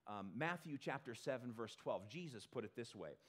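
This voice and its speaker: Animated male pastor preaching. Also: medium pitch, breathy edge. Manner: animated, acts out quick character voices. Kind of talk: conversational sermon. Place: church in front of a congregation.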